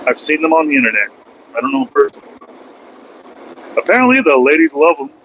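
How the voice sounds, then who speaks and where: A middle-aged man streams from his truck cab as he drives, rambling and making jokes at his own expense. His voice is a little high and bright and forceful. A faint hum of road and engine noise runs behind him. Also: sing-song, a little fast, poor audio. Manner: rambling, joking, self-mocking. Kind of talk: casual live-stream chat while driving.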